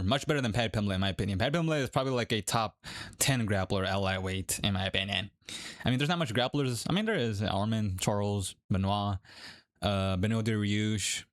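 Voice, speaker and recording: Talking straight to his viewers, a young MMA predictions creator with a lowish voice rambles, backtracks, and leans heavily on fillers. The sound is clean studio audio, completely dry.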